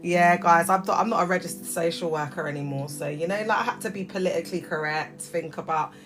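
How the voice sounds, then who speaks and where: A British woman hosting a casual livestream chat, talking in lively slang and laughing often. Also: on the low side, fast talker, over music. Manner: chatty and animated, laughs often, heavy slang. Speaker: livestream host.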